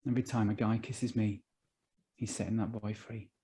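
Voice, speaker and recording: A man with a Northern English accent reading his own novel aloud, voicing a calm, quiet, reflective gay man in a slow, soft manner. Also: lowish voice, lightly acted. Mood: tender.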